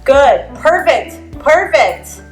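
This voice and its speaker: A woman's voice: high voice, very animated, very slow, roomy sound, faint music behind. A woman teaching a family yoga class, upbeat and playful, making animal sounds as she guides poses.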